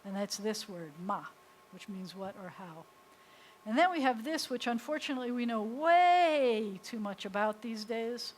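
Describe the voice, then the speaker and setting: An American woman, a rabbi, teaching a beginners' Hebrew class in a lively, chatty way. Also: on the high side, poor audio. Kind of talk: classroom lesson. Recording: faint hiss.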